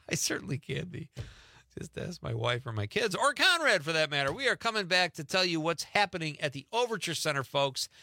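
A man's voice: fairly high pitch, dry recording. A middle-aged man hosting a radio talk show in a studio, reading out listener texts in a casual, jokey way. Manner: lively, jokey, quick reactions. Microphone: studio microphone.

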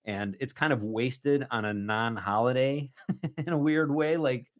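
Upbeat man hosting a radio quiz. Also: medium pitch. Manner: upbeat, laughs often, quick asides. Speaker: radio host running a quiz. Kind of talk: casual radio chat.

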